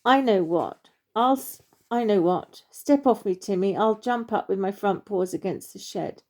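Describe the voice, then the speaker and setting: A woman voicing a patient but grumbling male badger in a storybook reading, gruff and long-suffering in manner. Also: medium pitch, measured pace, a little mellow, lightly acted.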